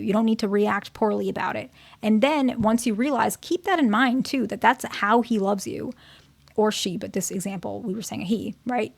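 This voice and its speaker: A woman's voice: on the high side, moderate pace, vocal fry, no echo. A woman therapist giving relationship advice in a casual, conversational way, often checking in with "okay?" and "right?". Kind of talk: casual advice talk to her channel's viewers.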